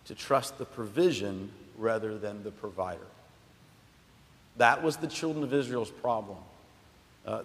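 A man's voice: mid-range voice, fairly bright tone. A man preaching a sermon as pastor, emphatic and conversational, often restarting his phrases. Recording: long hall reverb.

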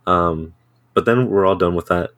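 Deep-voiced young man telling a story. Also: normal speed, dry recording, studio quality. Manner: laughing, animated storytelling with crude humor. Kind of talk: casual chat.

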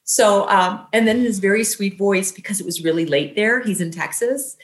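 A woman in her fifties telling an emotional personal story in an earnest, halting way, with many fillers, her voice rising when she quotes herself. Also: mid-range voice, reverberant.

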